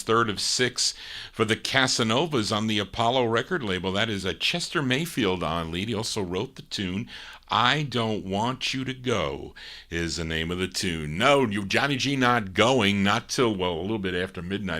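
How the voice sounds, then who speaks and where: A man hosts a live vinyl record show, chatting loosely between the songs he plays. His voice sits a little low, with a bright, forceful edge.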